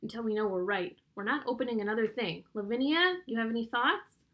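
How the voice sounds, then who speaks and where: A woman's voice: on the high side, fairly quick, a bit bright, lightly acted. Gil, an eager boy, read by a woman. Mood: urgent. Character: eager, impatient puzzle-solving boy.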